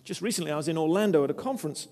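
Man, preacher, sermon, conversational storytelling, fairly high voice, long hall reverb. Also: animated, racing, a little mellow. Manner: earnest, conversational, anecdotal. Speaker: preacher, former vicar.

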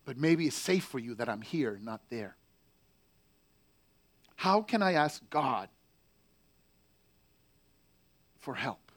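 A man reading aloud the letters of a Marine stationed overseas, slow and heavy with pauses. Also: mid-range voice, very animated, a bit bright. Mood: anguished. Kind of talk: letter read aloud in character.

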